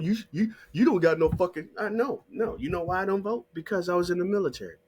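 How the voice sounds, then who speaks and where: A man giving profane, combative ranting commentary over a shared screen, hammering rhetorical questions and repeated demands in a husky voice. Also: high-pitched, fast talker, a little mellow. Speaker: online video creator.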